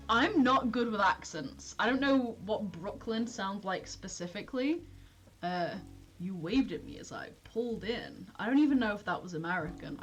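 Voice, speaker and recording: Chatty, giggly young woman streamer. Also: medium pitch. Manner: chatty, giggly, self-deprecating. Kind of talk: casual gameplay commentary.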